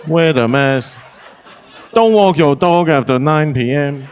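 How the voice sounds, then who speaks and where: A woman's voice: low-pitched, lively intonation, slow pace, a little mellow, a little hiss or hum, pitched above the performer's own voice. A man on stage voicing a bossy middle-aged woman health official with a Chinese accent, giving clipped commands. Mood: lecturing.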